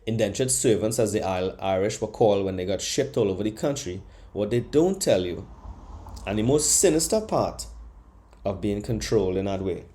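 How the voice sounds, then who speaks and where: Male podcast host on a comic rant, mellow dark voice, brash, swears freely, mocks. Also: on the low side. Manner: animated, profane, mocking voices in bursts. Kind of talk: comedic monologue rant.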